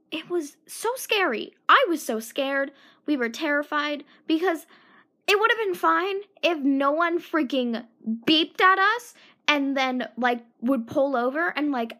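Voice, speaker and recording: High-voiced chatty teenage girl. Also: fairly bright tone. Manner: chatty, self-mocking, rising to indignant outbursts. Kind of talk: casual solo podcast rant.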